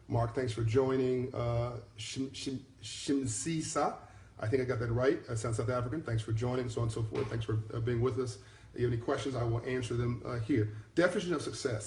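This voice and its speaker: Emphatic man giving a roomy live-stream talk. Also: mid-range voice. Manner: repetitive, emphatic, preacher-like build-ups. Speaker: motivational speaker. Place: traveling, broadcasting from abroad.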